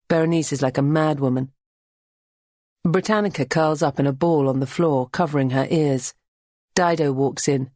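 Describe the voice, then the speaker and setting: A woman narrates a novel in a measured, even manner with a notably low voice. The recording is close and dry, with no room sound. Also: no echo. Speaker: audiobook narrator. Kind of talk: scripted narration.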